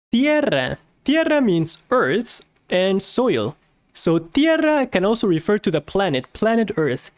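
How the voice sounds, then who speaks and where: Female teacher, unhurried and patient, lively rising and falling delivery. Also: mid-range voice. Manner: slow, patient, repeats each word several times. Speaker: Spanish teacher. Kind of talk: language lesson, slow repetition drills.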